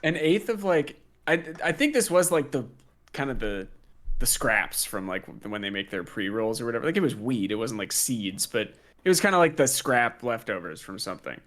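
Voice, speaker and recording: A man's voice: mid-range voice, animated, normal speed, a bit bright. A man with a Philadelphia accent co-hosting a casual live-stream chat, rambling and swearing casually as he trails off mid-thought. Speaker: co-host.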